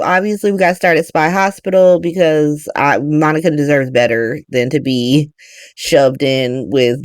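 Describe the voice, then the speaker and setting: A woman's voice: low-pitched, no echo. Brief: a woman host with a slangy, profane recap style and a dry, close sound. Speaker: soap opera recap host. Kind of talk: casual recap monologue.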